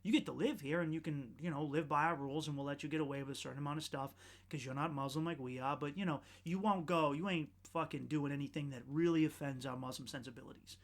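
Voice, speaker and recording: A man's voice: on the high side, quick pace. A man hosting a podcast, rambling in a profane, ranting monologue. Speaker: podcast host.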